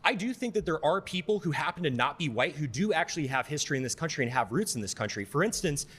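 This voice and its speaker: A young man argues in a debate, defiant and unbothered. His voice sits a bit high and moves a lot as he talks fast. He often stumbles as he starts a sentence. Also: sing-song, a bit bright, husky. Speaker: debate participant. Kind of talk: debate exchange.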